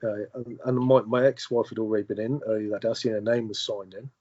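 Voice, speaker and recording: A man, a podcast guest, telling a personal story in a halting way, with many restarts and repeated words. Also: on the low side, steady tone, dark tone, dull audio. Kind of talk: conversational storytelling.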